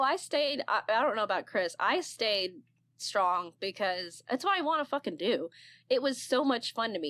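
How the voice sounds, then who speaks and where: A woman in her thirties, an aspiring narrator, chatting on a podcast in an expressive, freely swearing way. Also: mid-range voice, no room sound. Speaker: guest, aspiring narrator and voice actor. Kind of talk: casual podcast chat.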